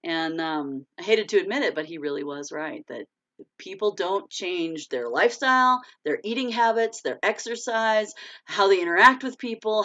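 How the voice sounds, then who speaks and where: A woman's voice: lowish voice, fairly bright tone, lo-fi sound. A woman in her forties hosting a casual live chat, talking freely, laughing often and answering viewers' comments.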